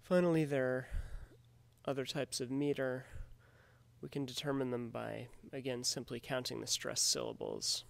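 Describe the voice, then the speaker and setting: A man with a gravelly voice talks through a lesson in a measured, explanatory way. He sounds like he is reading from a prepared script for his class. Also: mid-range voice, expressive, no room sound. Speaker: teacher.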